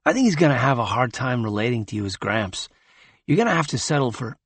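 A man's voice: medium pitch, big pitch swings, quick pace, husky, dry recording. A man voicing a laid-back, kindly hippie father who says "man" a lot. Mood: easygoing. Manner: mellow slang, says "man" often.

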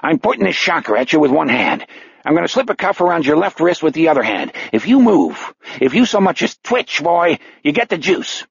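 A growling old killer who taunts his captive in quick, raised bursts, short of breath between threats, as a man puts him on. The storybook villain sounds pitched up and hurried against the narrator's own voice, on a dull, dry recording. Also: sing-song, vocal fry, breathy edge, no echo, heavily acted. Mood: menacing. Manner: taunting, wheedling, clipped threats.

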